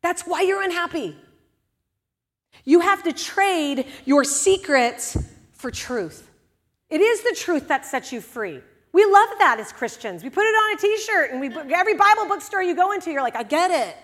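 A woman giving a sermon at a church service, candid and conversational, swinging between hushed and loud moments. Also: extremely high pitch, big pitch swings, moderate pace, in a large hall.

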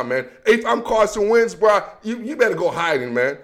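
A man's voice: high-pitched, very animated, moderate pace, few pauses, a bit bright. A man giving a casual, emphatic sports rant, full of slang and repetition. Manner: emphatic, repetitive, slangy, calls listener bro. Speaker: sports commentator.

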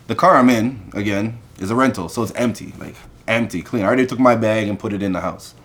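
Animated man telling a story. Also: fairly low pitch, fast. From Canada. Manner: animated storyteller, acts out quoted voices. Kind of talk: casual storytelling chat.

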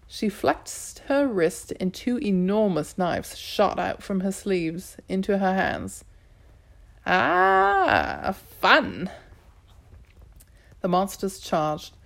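A woman reading a first-person audiobook with wry, lively storytelling. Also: medium pitch, gravelly. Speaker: audiobook narrator. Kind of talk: scripted first-person narration.

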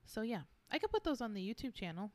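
A woman hosting a casual podcast chat, self-deprecating and quick to laugh. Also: on the high side, big pitch swings. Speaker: podcast host.

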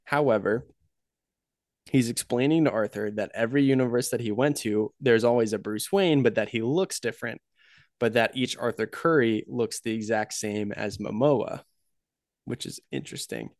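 Casually recapping a film's ending and reading out a review, this male podcast co-host has a mid-range, slightly mellow voice and a measured manner as he summarizes the plot and quotes. The studio recording is dry and clean.

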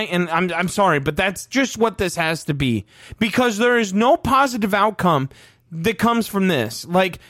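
Fired-up ranting man, high lively voice. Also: dry recording, studio quality. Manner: swearing, ranting, emphatic. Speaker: podcast host. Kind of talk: heated sports podcast talk.

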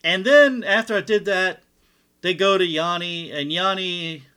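Laid-back, bright-voiced middle-aged man. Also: sits high, a little slow, clear, resonant tone. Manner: laid-back storytelling, chuckling. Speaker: podcast co-host. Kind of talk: casual MMA chat.

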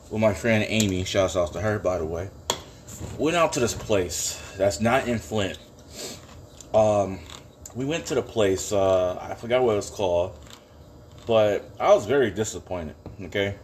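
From his kitchen at home, a podcast host with a fairly low voice talks on his own in a casual, rambling way. He curses and erupts now and then into laughing outrage, and there's a little background noise.

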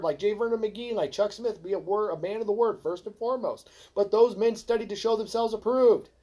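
A man hosting a podcast, ranting in a fervent, preachy way, calling his listeners folks and swinging from low mutters to loud exhortation. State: frustrated. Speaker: podcast host. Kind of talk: ranting religious podcast monologue.

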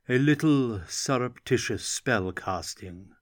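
A man voicing a smug, scheming court wizard who speaks in a smooth, insinuating way. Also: mid-range voice, animated. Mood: sly smug. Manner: smooth, sly, deliberate.

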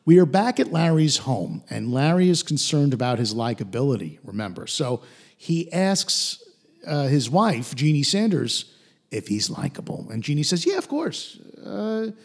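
A man hosting a podcast, recapping a TV episode in an animated way. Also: mid-range voice, moderate pace, gravelly, breathy edge. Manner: animated retelling with put-on quote voices. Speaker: podcast host.

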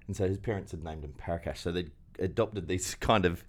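A man's voice: deep voice, fairly quick. A man co-hosting a podcast, teasing his friends in a joking, casual chat. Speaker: podcast co-host.

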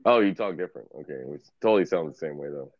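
A man's voice: extremely low pitch, expressive, quick pace, dry recording, lo-fi sound. A man streaming in a casual video chat, laid-back and teasing, swearing freely. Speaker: streamer and tarot card reader.

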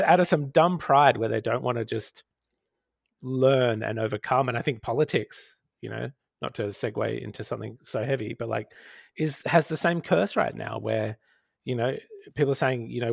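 Male podcast guest, gravelly and dry-recorded, reflective rambling talker. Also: mid-range voice, moderate pace, no echo. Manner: reflective, rambling with many fillers. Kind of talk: casual chat.

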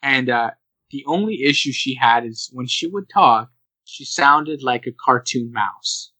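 A man's voice: medium pitch, unhurried, dry recording, poor audio. A young man co-hosting a casual podcast, telling stories with lots of quoted asides. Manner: animated storyteller who slips into quoted voices. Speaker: podcast co-host.

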